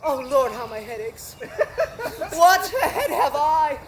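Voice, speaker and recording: A woman's voice: high voice, big pitch swings, measured pace, heavy background noise. A woman playing a garrulous older nurse on stage, teasing and complaining with groans and laughs. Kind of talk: live stage acting.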